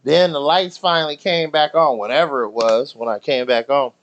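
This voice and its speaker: A young man holds a casual live stream from home, spinning loud slangy stories with plenty of banter. His voice sits a touch high for a man, and he drinks as he chats. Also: fairly even intonation, normal speed, highs cut off. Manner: drinking while talking. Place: home, near the grill.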